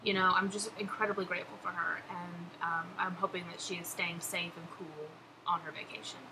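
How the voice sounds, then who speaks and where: A young woman with a lowish voice and steady tone speaks briskly in a casual vlog chat, answering follower questions in a gushing, laughing way. Background noise is audible.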